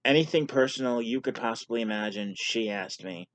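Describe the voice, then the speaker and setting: A man's voice: medium pitch, a little fast, fairly bright tone, dry recording. A man casually telling a personal story on his vlog, candid and self-deprecating. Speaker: vlogger sharing his story.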